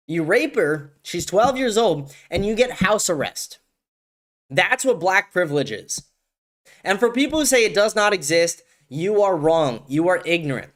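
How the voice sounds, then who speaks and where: A man with a high, slightly bright voice hosts a solo commentary show. He rants heatedly, swearing a lot and stumbling into restarts by repeating words as he begins sentences.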